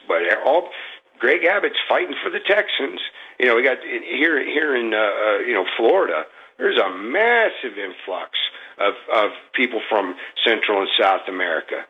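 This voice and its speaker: A man's voice: medium pitch, husky, highs cut off. A man calling in to a talk show, venting about politics in a rambling, frustrated way, full of fillers and restarts. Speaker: caller. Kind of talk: political call-in rant. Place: Florida.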